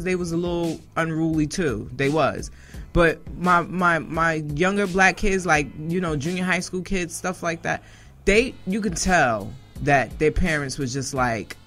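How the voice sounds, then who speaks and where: A woman's voice: fairly low pitch, a bit bright. A woman in a casual roundtable discussion, rambling and correcting herself as she tells stories. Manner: rambling, self-correcting storyteller.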